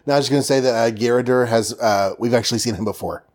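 A man's voice: mid-range voice, very fast, a little mellow. A man co-hosting a casual podcast chat, hesitant with fillers and dry asides. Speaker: podcast co-host. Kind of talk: casual chat about comics.

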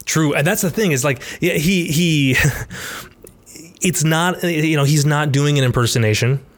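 A man's voice: fairly high pitch, unhurried. A man co-hosting a casual movie podcast, talking in a rambling way with many restarts and frequent laughs. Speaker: podcast co-host.

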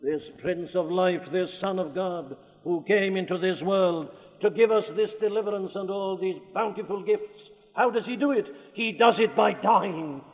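A man with a Welsh accent preaches with fervour, his high voice climbing into loud declamations. The sound is thin and phone-like, as in an old archival recording. A long reverb hangs after each phrase, as in a large church hall. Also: moderate pace, few pauses. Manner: fervent, rising to loud declamation. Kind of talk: sermon.

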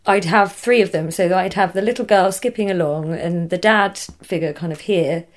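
In a fairly low voice at a normal pace, a young English-accented woman chats as a guest about a rough stretch of her life. Her casual conversation is full of laughter and thoughts left unfinished.

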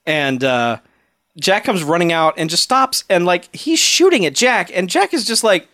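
A man in a casual movie-recap chat, talking in an animated way and laughing often. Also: high-pitched, normal speed. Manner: animated, laughing, mimics characters in quotes.

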